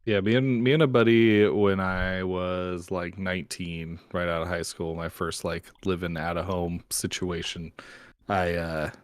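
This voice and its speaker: A young man co-hosting a podcast with an easygoing, joking manner and ready laughter. His voice is very low. The recording is close and dry, with no room sound. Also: little pitch movement, unhurried, dry recording. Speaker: podcast co-host. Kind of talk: casual chat.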